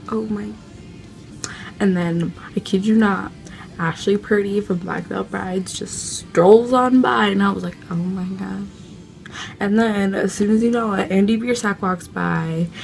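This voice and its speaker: A young woman chats excitedly in a casual vlog, gushing and piling on fillers. Her mid-pitched voice carries a gravelly fry. Faint music plays underneath. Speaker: vlogger.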